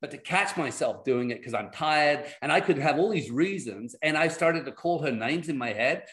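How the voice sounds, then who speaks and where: A middle-aged man telling personal stories as a guest on a video call, in lively, animated storytelling. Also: fairly high pitch, normal speed. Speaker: guest speaker.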